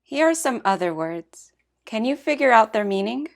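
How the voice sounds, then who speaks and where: A woman narrating a scripted language lesson with clear, measured explanations. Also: a little high, sing-song. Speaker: language teacher.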